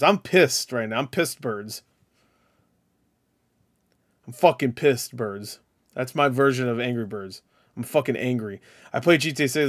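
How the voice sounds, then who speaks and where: A young man casually chatting on a live stream and reading out viewer comments, joking and crude, sometimes mumbling and sometimes breaking into loud mock outbursts. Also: mid-range voice.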